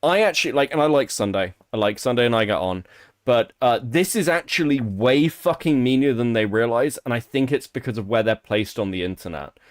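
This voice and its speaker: A man's voice: medium pitch, expressive, brisk, no echo, clean studio sound. A man giving casual, profane, amused commentary on a clip during a stream. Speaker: stream co-host reacting to a clip. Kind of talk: reaction commentary.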